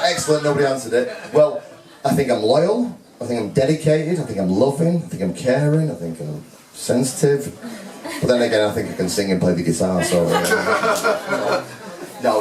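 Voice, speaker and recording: Groom at a wedding, man, lively teasing delivery, roomy hall, crowd audible. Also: medium pitch. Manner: joking, self-mocking. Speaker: groom giving a wedding speech. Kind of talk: wedding speech. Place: wedding reception hall with guests. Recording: echoey hall, heard from a distance, with a crowd.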